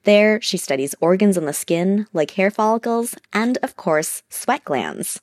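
A woman science reporter narrating a scripted radio news feature in a measured, explanatory way. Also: medium pitch, a little mellow.

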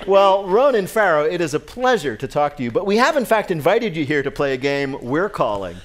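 Animated joking radio quiz host man. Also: a little high, brisk, slight background noise. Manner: joking, laughs often, animated delivery. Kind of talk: casual interview on a public radio comedy quiz.

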